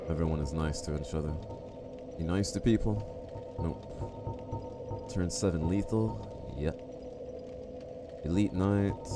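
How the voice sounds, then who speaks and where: A man streaming a game live, chatting casually and joking with his viewers. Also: low voice. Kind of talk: casual live-stream chat while playing.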